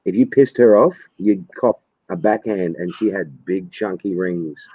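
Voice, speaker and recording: A man's voice: sits low, unhurried, dark tone, breathy edge, no echo. A man with an Australian accent chatting as a guest, rambling through stories and swearing casually. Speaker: podcast guest. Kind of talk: casual chat. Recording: dry, dull lo-fi sound.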